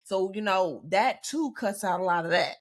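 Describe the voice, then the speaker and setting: A woman co-hosting a podcast with a mid-range voice, talking in an easy, conversational way. She circles back to repeat her points and uses relaxed everyday slang. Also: mid-range voice, normal speed. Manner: conversational, repeats phrases, speaks in relaxed vernacular. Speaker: podcast co-host. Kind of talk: casual chat.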